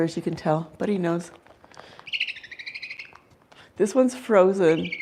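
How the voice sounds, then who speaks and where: A woman's voice: on the low side, takes it slowly, pauses often, warm tone, a little hiss or hum. A young woman chatting casually on her livestream about her pet owl, with giggles and lots of "like" fillers. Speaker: owl keeper and channel host.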